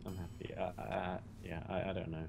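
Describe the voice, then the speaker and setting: A man's voice: sits low, level tone, normal speed, vocal fry, darkish tone, slight background noise. A man co-hosting a casual gaming chat, talking in hesitant, stammering restarts. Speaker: co-host.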